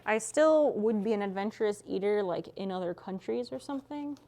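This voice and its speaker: A woman's voice: mid-range voice, lively intonation, a little fast, mellow. A young adult woman streamer chatting casually with her viewers as she works, swearing freely. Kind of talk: casual chat with chat while working.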